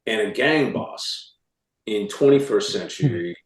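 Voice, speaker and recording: A man speaking as an author guest in a casual interview, animated, with quick restarts and repeated words. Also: on the low side. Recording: roomy echo.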